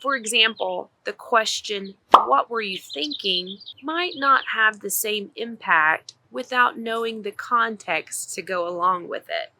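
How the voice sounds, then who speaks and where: Woman, English teacher, slow encouraging delivery, faint room ambience. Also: medium pitch, bright, forceful tone, a little hiss or hum. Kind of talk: scripted English grammar lesson.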